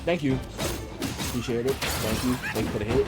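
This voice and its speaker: A man giving excitable gameplay commentary, yelping and repeating himself as he plays. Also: mid-range voice, moderate pace. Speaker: gaming streamer. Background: game music.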